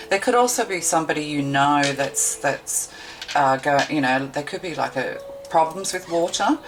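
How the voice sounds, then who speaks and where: A woman's voice: low voice, a little hiss or hum, poor audio. A woman tarot reader giving a meandering, intuitive card reading, thinking aloud with many fillers.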